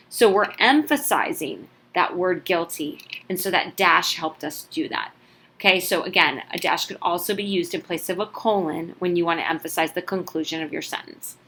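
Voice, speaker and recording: A woman teaching comma and dash rules in a relaxed recorded lesson. Her voice is bright and crisp, sitting a little low for a woman. She keeps it chatty and informal, tossing in asides as she explains. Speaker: SAT prep tutor. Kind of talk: casual recorded grammar lesson.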